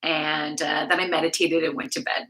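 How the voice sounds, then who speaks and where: A woman's voice: sits low, little pitch movement, moderate pace, fairly bright tone, low-quality recording. A woman from Canada, a yoga instructor, chatting casually and candidly on a live stream from home, swearing freely and laughing often. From Canada, Toronto. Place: home room.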